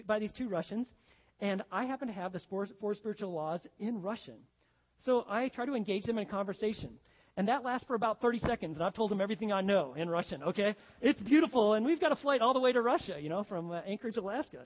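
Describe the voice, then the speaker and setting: A pastor delivers a sermon in an easy, conversational way, slipping into stories and acting out jokes for the congregation. The recording is muffled and carries the long reverb of a large church sanctuary. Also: male voice, sits high. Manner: conversational, storytelling, acts out jokes. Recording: dull sound in a reverberant hall.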